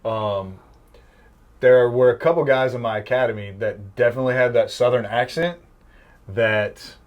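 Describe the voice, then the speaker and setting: A man's voice: medium pitch, steady tone, normal speed, lo-fi sound. A young man from the Midwest, a firefighter, telling stories in a casual podcast chat and laughing often. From American Midwest. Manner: anecdotal storyteller, laughs often.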